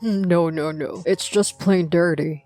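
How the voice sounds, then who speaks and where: A woman's voice: on the low side, steady tone, takes it slowly, darkish tone, soft background music. A woman voicing a lazy young husband who talks in an offhand, mocking way. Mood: dismissive. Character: lazy dismissive husband, young adult man.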